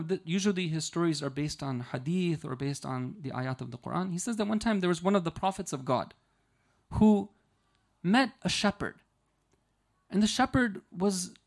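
A man's voice: a little high, darkish tone. Male preacher, earnest teaching sermon, storyteller pacing, rhetorical check-ins. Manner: earnest, explanatory, with frequent rhetorical "right?" checks; storytelling, slowing down to stress key lines. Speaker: religious lecturer.

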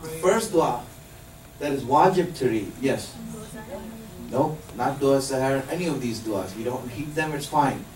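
A man's voice: mid-range voice, animated, a little slow. Man teaching a religious class in an echoey hall. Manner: explanatory, quizzes the audience. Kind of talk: religious lesson to a live group. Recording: echoey room, distant mic.

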